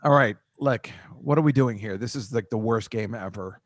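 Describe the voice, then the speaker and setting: A man's voice: lowish voice, normal speed, no echo. A middle-aged man hosting a comedy football picks show, dry and teasing in casual banter. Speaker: host.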